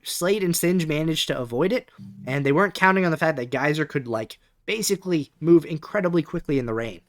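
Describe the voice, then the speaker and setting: A man's voice: on the high side, animated, brisk, no echo, soft background music. A man narrating a tabletop game as game master, rambling with many fillers. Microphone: webcam setup.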